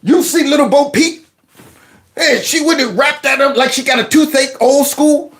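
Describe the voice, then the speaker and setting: A man's voice: extremely high pitch, moderate pace, fairly bright tone. A man hosting a reaction commentary, mocking what he watches and laughing often as he trash-talks. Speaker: commentary host.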